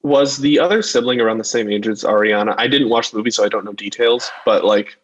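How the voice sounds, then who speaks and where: A man's voice: fairly low pitch, fast, dull audio. A young man co-hosting a podcast, talking casually and rambling with many likes and restarts. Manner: rambling, hesitant, lots of likes. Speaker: podcast co-host. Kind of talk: casual chat.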